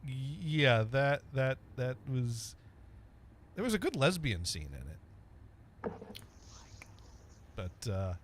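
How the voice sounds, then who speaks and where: A man's voice: medium pitch, sing-song, slow pace, long pauses, slight background noise. A man hosting a casual podcast chat, rambling and stammering with lots of ums and uhs. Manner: rambling, stammering with many fillers. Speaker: podcast host.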